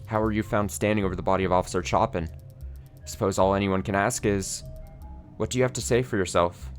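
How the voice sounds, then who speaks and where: A man's voice: on the low side, steady tone, fairly quick, faint music behind, lightly acted. A man voicing a smug, sly male prosecutor in a game, questioning in a mocking, theatrical way. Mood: needling.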